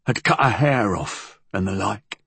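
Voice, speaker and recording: A man voicing a big, brooding working-class tavern keeper who talks in a rough dialect. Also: lowish voice, expressive, measured pace, pushed and bright, no room sound, exaggerated voice. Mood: confessing.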